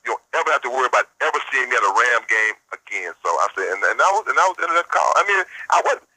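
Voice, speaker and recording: Brief: man in his 50s, radio guest, bright edgy husky voice, dry sound, keeps saying "I said". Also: mid-range voice, very fast, no echo, poor audio. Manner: animated retelling, repeats "I said" constantly. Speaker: radio show guest, former football player. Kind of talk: phone-in radio interview.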